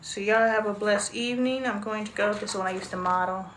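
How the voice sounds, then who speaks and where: A woman in her forties chatting candidly on a casual livestream. She has a middle-pitched voice and tells her stories in a loose, talkative way. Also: fast talker, a bit bright, a little hiss or hum. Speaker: livestream host. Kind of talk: casual live-stream chat.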